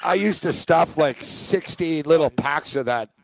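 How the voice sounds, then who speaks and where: A man hosting a sports podcast, telling stories in an animated, chatty way and laughing along. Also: fairly high pitch, unhurried, vocal fry. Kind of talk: casual sports chat.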